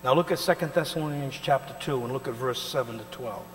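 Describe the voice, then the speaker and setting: A man's voice: medium pitch, quick pace. Man preaching in a reverberant hall. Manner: call-and-response questions to the congregation; emphatic, swinging between loud and quiet. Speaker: pastor. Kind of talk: sermon. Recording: reverberant hall with mains hum.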